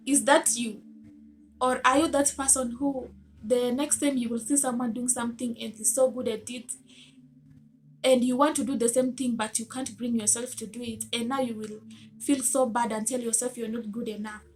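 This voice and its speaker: A woman's voice: on the high side, fairly even intonation, normal speed. A woman giving a motivational self-help talk to camera, earnest and coaxing, asking her listeners many rhetorical questions.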